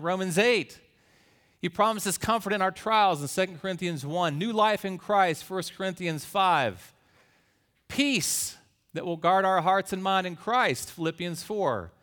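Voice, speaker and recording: A man's voice: high-pitched, fairly bright tone. A male pastor preaching a sermon, telling stories in an earnest way that builds to emphatic peaks.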